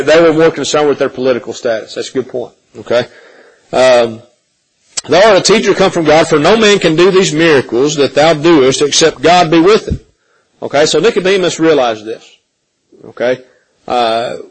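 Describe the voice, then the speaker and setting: A man's voice: on the high side, rough recording. A man teaching a Bible study, reading scripture and asking his listeners questions, often checking with "okay?".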